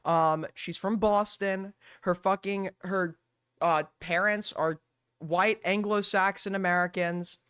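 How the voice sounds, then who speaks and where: A man's voice: sits high, fairly even intonation, slow, a bit bright, smooth, dry recording, clean studio sound. A man ranting through a live stream commentary, exasperated and full of swearing.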